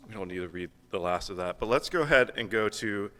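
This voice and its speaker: A man's voice: fairly low pitch, animated, fast talker, fairly bright tone. A young man preaching a sermon in a casual, conversational way, mixing scripture reading with everyday stories. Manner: casual and conversational, with fillers and laughs. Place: church hall. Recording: hall reverb.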